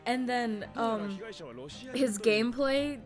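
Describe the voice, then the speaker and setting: A young woman streamer chatting casually while playing a game, excitable and giggly. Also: a little high, slow pace, over music. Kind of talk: casual let's-play chat.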